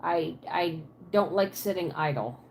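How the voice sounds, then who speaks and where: A woman's voice: lowish voice, animated, unhurried, vocal fry. A woman from Pennsylvania with a Pennsylvania Dutch accent and a Southern twang, chatting casually on a livestream from her apartment and answering viewers' comments aloud.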